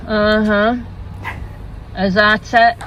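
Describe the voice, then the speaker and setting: Scottish woman doing a bored drive-through guy, short and flat, muffled car audio. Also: mid-range voice, extremely slow, a little hiss or hum. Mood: curt. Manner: flat, terse, impatient.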